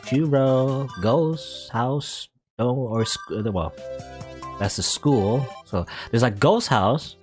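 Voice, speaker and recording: A man's voice: mid-range voice, slow pace, faint music behind. Young man musing over a game. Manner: musing aloud, hedging with "I guess". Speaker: let's play host. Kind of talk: reading a visual novel aloud with commentary.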